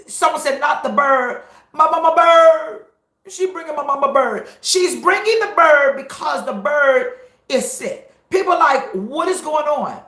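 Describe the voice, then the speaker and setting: A woman pastor live-streaming from her car, shouting high-energy greetings to her viewers. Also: echoey room.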